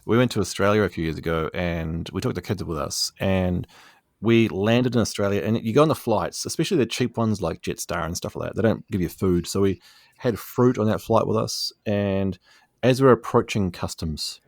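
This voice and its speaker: A man's voice: deep voice, moderate pace, no echo, clean studio sound. A man, a guest comedian telling stories in casual chat and laughing easily. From New Zealand. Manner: animated storyteller, laughs easily.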